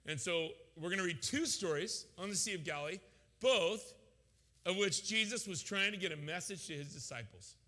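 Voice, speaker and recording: A man preaching a sermon to a congregation, animated and joking with the crowd. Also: high voice, normal speed, big-room sound. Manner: animated, jokes with congregation, acts out voices. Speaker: pastor.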